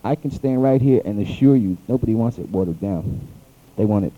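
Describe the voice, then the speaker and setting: A man's voice: fairly low pitch, fast talker, narrow, tinny audio. A man leading a youth revival, speaking to a church congregation in a fervent, plain-spoken way.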